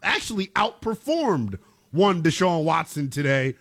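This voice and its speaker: A man's voice: on the high side, big pitch swings, a little slow, a bit bright. A man co-hosting a sports talk show, arguing his takes in a slangy, emphatic way. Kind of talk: casual sports debate.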